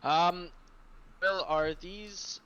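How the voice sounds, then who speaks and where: A man playing in an online tabletop game, talking in a halting way with many fillers and restarts. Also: high-pitched, steady tone, a bit bright, smooth, dull audio. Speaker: player. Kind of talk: casual game chat.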